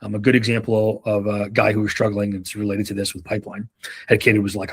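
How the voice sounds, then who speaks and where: A man's voice: fairly low pitch, level tone, quick pace, fairly bright tone, breathy edge. A man leading a sales coaching session, telling rambling anecdotes with frequent swearing. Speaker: sales leadership trainer. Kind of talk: casual coaching talk.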